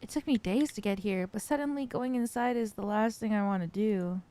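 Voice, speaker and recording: A woman's voice: medium pitch, fairly quick, dark tone, a little hiss or hum, close to an everyday voice. A woman voicing an earnest young male detective who is new in town, reading game dialogue aloud in a thoughtful inner-monologue manner.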